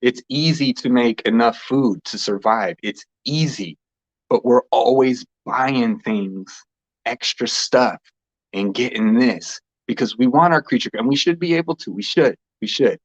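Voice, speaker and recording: A man's voice: mid-range voice, unhurried, highs cut off. A man hosting a casual motivational monologue, rambling and repeating phrases, laughing often. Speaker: host.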